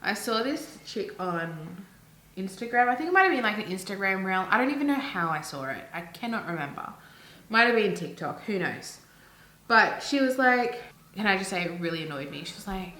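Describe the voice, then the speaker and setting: A woman's voice: mid-range voice, moderate pace. Beauty vlogger, woman, thirties, ranting asides; roomy home recording with faint background hum. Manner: chatty, ranting, animated asides. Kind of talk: casual makeup chat. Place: room at home. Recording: echoey room, faint ambience.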